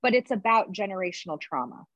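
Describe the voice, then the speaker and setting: A woman's voice: medium pitch, sing-song, fast talker, no room sound, muffled recording. A woman in her thirties, a podcast guest, openly telling a personal story in a confessional, conversational way. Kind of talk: candid personal storytelling in an interview.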